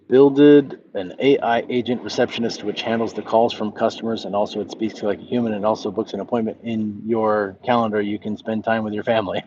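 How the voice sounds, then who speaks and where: A man hosting a casual livestream, reading viewers' comments aloud and answering them in a relaxed, friendly way. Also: mid-range voice, dull audio. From Southwest United States. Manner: reads chat messages aloud, relaxed and friendly. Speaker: livestream host. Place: walking outdoors.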